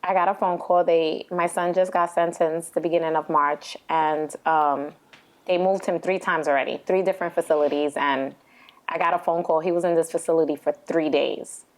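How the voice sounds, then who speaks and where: Middle-aged New woman, podcast co-host, lowish voice, animated storyteller. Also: normal speed. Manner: emotional storytelling, animated retelling of a phone call. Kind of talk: casual chat.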